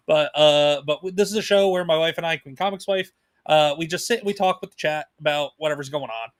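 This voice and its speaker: Upbeat man with a high voice, hosting a casual livestream chat and greeting viewers. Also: normal speed. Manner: upbeat, thanks viewers and laughs often. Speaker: livestream co-host.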